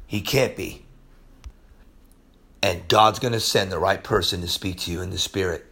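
A man preaching a casual Bible teaching, excitable and emphatic, with slangy talk that swings between loud bursts and hushed lines. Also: low voice, normal speed, long pauses.

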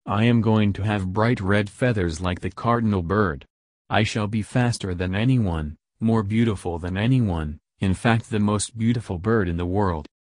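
Boastful, defiant male owl from a storybook legend, read by a man with a low, dry voice. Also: moderate pace, a little mellow, dry recording, natural voice. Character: boastful, rude male owl demanding to be most beautiful.

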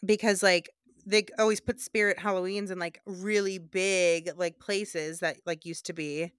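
A young woman co-hosting a casual podcast, reacting to her friend in an easygoing, filler-laden way. She talks slowly with a bright tone, and the recording is close and dry. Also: lowish voice, steady tone, clean tone, dry recording. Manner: unhurried, reactive, frequent "like" fillers. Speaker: podcast co-host. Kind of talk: casual chat.

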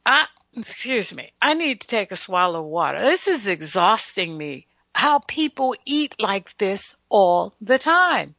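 A woman's voice: mid-range voice, big pitch swings, a little slow, bright, forceful tone, no echo. A woman hosting a solo radio health talk, lecturing listeners with emphatic, teasing asides. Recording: dull lo-fi radio broadcast audio.

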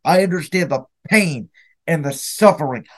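A man's voice: a little high, moderate pace. A young man hosting his own podcast, ranting with bitter, emphatic anger about his team's defeat. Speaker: podcast host. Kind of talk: solo sports reaction podcast.

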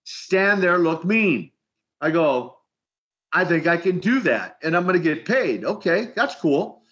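An older man from Minneapolis, an animated storyteller who often repeats words as he starts his sentences in an interview. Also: a little high, unhurried. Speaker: retired wrestler guest. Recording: dull lo-fi sound.

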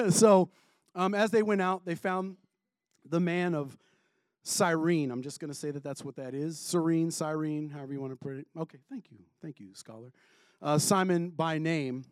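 A man's voice: fairly high pitch, moderate pace, dry recording. A man preaching a sermon in a casual way, with joking asides.

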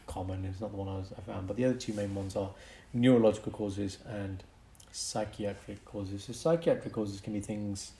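A man's voice: on the low side, normal speed, few pauses. Chatty young man explaining. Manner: explanatory, animated, breaks into mock accents for fun. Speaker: podcast co-host, doctor. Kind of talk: casual podcast chat.

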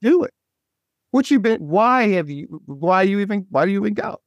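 A man with a somewhat high voice talks eagerly as a guest author, jumping between thoughts and restarting his sentences. The sound is dry and close, with no room around it. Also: animated, moderate pace, no room sound, muffled recording. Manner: eager, scattered, full of restarts. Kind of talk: casual faith talk.

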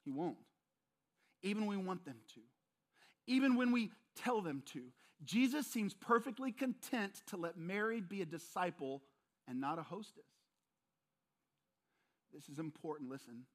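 A man's voice: sits high, animated, normal speed, pauses often. A male pastor preaching a sermon, emphatic and repetitive, often speaking straight to his listeners.

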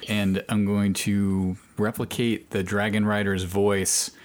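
A man playing a tabletop game, calmly explaining what his character does. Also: lowish voice, takes it slowly. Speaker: player. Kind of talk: casual tabletop game play.

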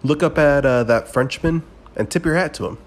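A man hosting a podcast, telling a rambling, profane story in a casual solo monologue with sudden bursts of excitement. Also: on the high side, normal speed. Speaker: podcast host.

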